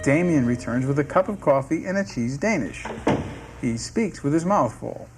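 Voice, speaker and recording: A man narrating the stage directions of a sitcom script in a steady, descriptive reading. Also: fairly high pitch, normal speed. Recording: music playing underneath.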